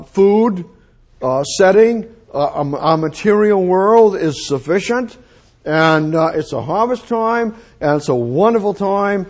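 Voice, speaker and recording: An unhurried preacher delivers a sermon full of repeated phrases and sudden exclamations. His voice is a little high for a man, slightly mellow, with a husky, breathy edge.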